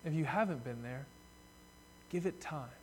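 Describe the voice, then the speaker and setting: A man preaching a sermon as pastor, earnest, rising loud and high when he voices a desperate plea, then dropping soft and low to reflect. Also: lively intonation, normal speed, a little hiss or hum.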